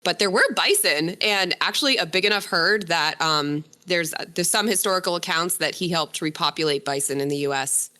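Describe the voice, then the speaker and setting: A woman's voice: lowish voice, moderate pace, few pauses, pushed and bright. A woman casually explaining a news story in conversation, chatty, often correcting herself and laughing.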